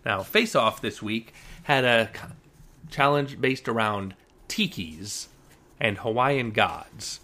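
A man's voice: mid-range voice, slow, bright, forceful tone. Wry rambling man on a podcast. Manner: rambling, wry, many restarts and fillers. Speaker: podcast co-host. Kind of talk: casual chat recapping TV shows.

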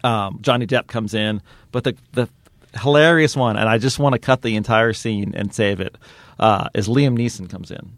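A man's voice: fairly low pitch, normal speed, no echo. A man hosting a podcast, telling a story in casual chat with lots of restarts and fillers. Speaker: podcast host.

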